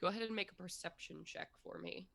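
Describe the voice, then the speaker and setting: A woman narrating a tabletop role-playing game as game master, telling the scene in a gentle storytelling way. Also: on the low side, fast talker, gravelly.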